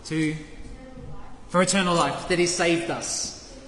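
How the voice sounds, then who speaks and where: High-voiced playful pastor in echoey hall. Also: male voice, steady tone, slow, a bit bright. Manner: playful, asks the kids questions. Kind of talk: children's talk in a sermon. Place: church. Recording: echoey church hall, faint ambience.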